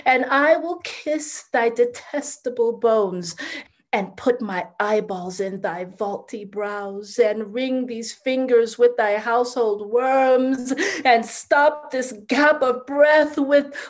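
A woman playing a grieving noble mother wild with sorrow in a classical stage drama, swinging from loud cries to hushed whispers. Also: a little high, fairly even intonation, takes it slowly. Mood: anguished.

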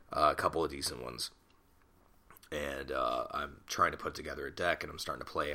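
Young guy doing a solo pod on a desk mic, bright edge to his voice, kinda awkward and sweary. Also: rumbling low. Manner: rambling, self-conscious, swears casually. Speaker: podcast host. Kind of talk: solo podcast chat. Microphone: desktop USB mic.

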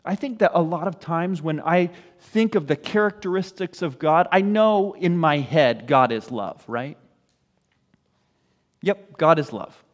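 A man's voice: a little high, animated, normal speed, few pauses. A man preaching a sermon in an earnest way, often putting questions to his listeners. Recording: echoey hall.

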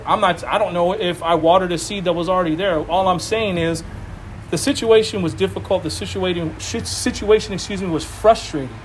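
A man's voice: high-pitched, a little hiss or hum, poor audio. A male pastor giving a casual, conversational sermon, telling a story with laughter and acted-out quotes.

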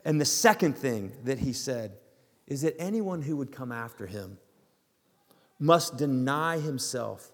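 A man preaching a sermon, emphatic, slowing and dropping to a hush on key words. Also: medium pitch, lively intonation. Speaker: pastor. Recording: long hall reverb.

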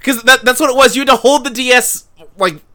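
A man's voice: extremely high pitch, quick pace, bright, forceful tone. A man hosting a podcast in casual chat, rambling, with loose fillers and casual swearing. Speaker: podcast host.

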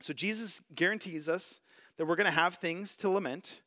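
A pastor delivers a sermon in an easygoing, earnest tone, with filler words scattered through his speech. His voice sits high and sounds bright. The sound rings with a long reverb, as if recorded in a large church hall. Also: normal speed. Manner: conversational, earnest, many "like" fillers.

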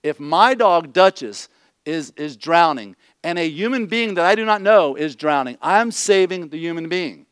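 A middle-aged pastor preaches a conversational sermon in a clean studio recording with no room sound. He is blunt, makes joking asides, and often checks in with listeners by repeating "okay?". His voice is on the high side, fairly bright, clear and resonant, with lively intonation at a normal speed.

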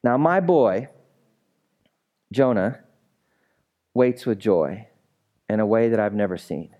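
A man's voice: lowish voice, animated, takes it slowly, dark tone. A male pastor giving a conversational sermon, often checking in with the congregation, then leading a prayer.

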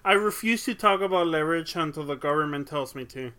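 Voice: mid-range voice, expressive, bright, forceful tone. A podcast co-host joking and bantering casually. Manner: joking, playful, quick with banter. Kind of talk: casual chat.

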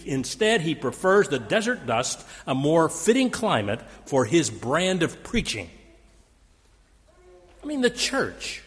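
A man's voice: on the high side, big-room sound. A man preaching a sermon, dramatic in delivery, quoting scripture with raised force. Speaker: pastor. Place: church sanctuary.

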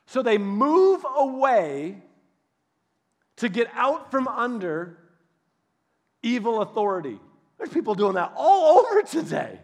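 A man preaching a sermon, telling biblical stories with animated, acted-out voices. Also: very high-pitched, takes it slowly, long pauses. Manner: animated storytelling, acts out voices of biblical figures. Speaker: pastor.

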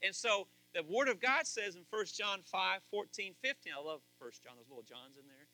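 A man preaching a sermon as pastor, talking conversationally, dropping to quiet asides and rising to loud, emphatic peaks. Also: high voice, big pitch swings, moderate pace, poor audio.

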